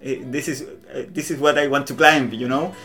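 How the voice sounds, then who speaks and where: A young Latin American man, a native Spanish speaker, talks English with a Latin American Spanish accent as a podcast guest in casual conversation, with guitar music behind him. His mid-range voice is bright and forceful, with fairly even intonation and a moderate pace. He speaks hesitantly, often restarting sentences and acting out little bits of dialogue.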